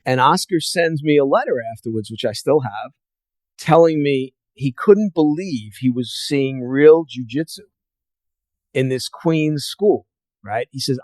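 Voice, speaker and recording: A man's voice: medium pitch, expressive, unhurried, a little mellow, no room sound. A man hosting a podcast interview, telling long martial arts anecdotes with many fillers and acting out what others said. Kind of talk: casual storytelling interview.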